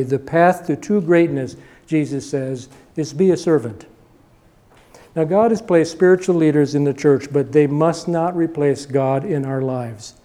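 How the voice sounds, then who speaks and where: An older male pastor delivers a sermon in a mellow, warm-toned voice pitched a little above the usual for a man. He hammers his points home with short, punchy repetitions. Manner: emphatic, repeating short punchy lines.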